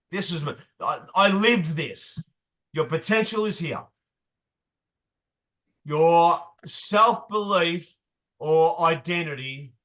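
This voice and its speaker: A man's voice: a little high, sharp tone. A man leading a motivational group session as coach, emphatic, repeating key phrases and swearing casually.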